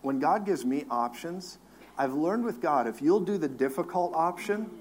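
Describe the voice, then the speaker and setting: A man who is a minister, telling his own story on a talk show, lively and laughing, acting out his crying with big swings in voice. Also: fairly high pitch, normal speed, slight background noise.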